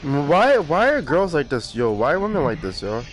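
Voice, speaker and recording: A man with a fairly high, swooping voice talks in a slangy, animated way and laughs often. A clear background noise of traffic runs under him. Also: normal speed. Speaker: podcast co-host. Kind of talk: casual chat.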